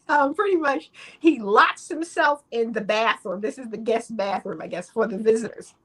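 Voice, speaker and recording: A woman's voice: a little high, moderate pace, a bit bright, slightly rough. A woman co-hosting a casual chat, retelling a plot loosely with slang and laughter. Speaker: co-host.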